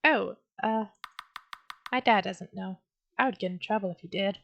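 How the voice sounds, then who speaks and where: A woman's voice: mid-range voice, normal speed, vocal fry, fairly bright tone, dull audio, a little hiss or hum. A woman doing a shy scarecrow boy. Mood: earnest.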